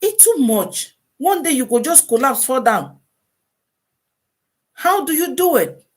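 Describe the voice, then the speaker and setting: A woman hosting an animated live-stream advice talk in Nigerian Pidgin English. Her fairly high voice swings up and down as she throws out rhetorical questions and prods listeners with "eh?". It sounds casual and lively throughout. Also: a little slow.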